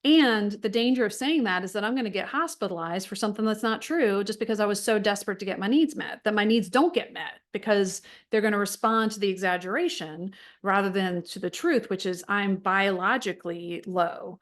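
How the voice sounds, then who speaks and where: A woman's voice: mid-range voice, a little fast, few pauses. Middle-aged woman, wellness group leader, frank and chatty, mid-range voice, lots of "like" and restarts. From United States. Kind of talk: casual talk to a support group.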